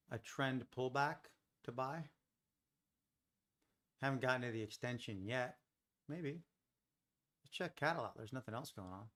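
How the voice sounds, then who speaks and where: A man's voice: medium pitch, a bit bright. Man thinking aloud over live trades. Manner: muses aloud, questions his own trade ideas. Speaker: futures day trader streaming live.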